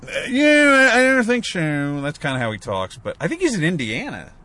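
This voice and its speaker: His voice sits high and swoops wildly in pitch, sounding pushed and bright at a moderate pace, with a little hiss or hum behind it. He's a male podcast co-host rambling in casual chat, full of fillers and restarts.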